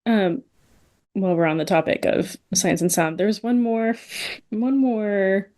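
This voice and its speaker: A woman's voice: mid-range voice, fairly even intonation, unhurried, warm tone. A woman co-hosting a podcast, asking curious, eager questions in casual conversation. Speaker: podcast co-host.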